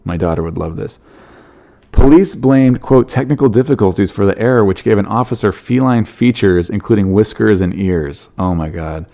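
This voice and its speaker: A man's voice: on the low side, moderate pace, gravelly, dark tone. A man hosting a comedy podcast, reading odd news stories with wry joking asides. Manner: wry, joking asides, laughs at his own bits. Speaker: podcast host.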